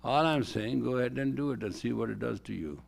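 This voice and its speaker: A man's voice: mid-range voice, fast, gravelly. A man lecturing as a spiritual teacher, emphatic and repeating phrases for stress.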